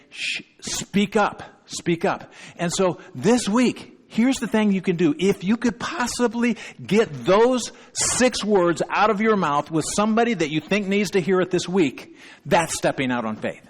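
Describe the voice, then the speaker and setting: A middle-aged man preaching a sermon as pastor, emphatic and often checking in with the congregation. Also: high-pitched. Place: church sanctuary. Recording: long reverb in a church hall.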